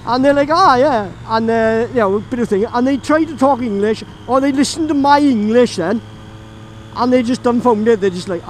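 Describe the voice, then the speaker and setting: A chatty Welsh man from Llanelli with a strikingly high voice, rambling through a story and laughing often. He talks as he rides a motorbike outdoors, with a faint hiss of road noise under his words. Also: moderate pace, rough recording. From Wales. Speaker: motorcycle vlogger. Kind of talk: casual storytelling while riding.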